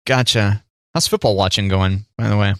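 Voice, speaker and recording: A man's voice: on the low side, moderate pace, fairly bright tone, dry recording, studio quality. A man co-hosting a podcast, chatting casually and joking at his own expense. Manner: easygoing, self-deprecating, many fillers and restarts. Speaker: podcast co-host. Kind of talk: casual chat.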